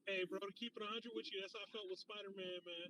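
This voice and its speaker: A man's voice: high voice, steady tone, fast, sharp tone, poor audio. A man co-hosting a podcast in an emphatic, slangy casual chat, teasing the others. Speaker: podcast co-host.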